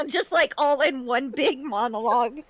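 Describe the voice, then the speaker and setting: A woman with a high, lively voice chats on a group gaming stream through her headset. She speaks slowly, giggling and teasing the others. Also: no echo. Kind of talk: casual group gaming chat.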